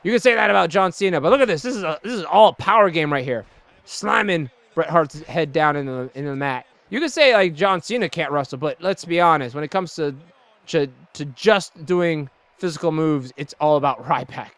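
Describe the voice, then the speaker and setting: Young man, game commentary host, jokey, rambling, high voice. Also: expressive, a little fast, fairly bright tone, no echo. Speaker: let's play host.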